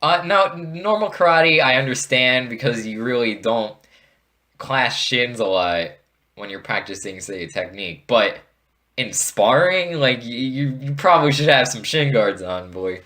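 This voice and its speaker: A man's voice: medium pitch, animated, unhurried, pushed and bright. A young adult man from the Philadelphia area, co-hosting a casual podcast with dry, teasing wisecracks. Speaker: podcast co-host. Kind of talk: casual chat.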